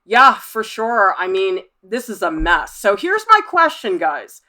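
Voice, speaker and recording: A woman art professor hosting a livestream, reading viewer comments aloud and chatting back in a lively, laughing way. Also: mid-range voice, measured pace. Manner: chatty, animated, laughs often.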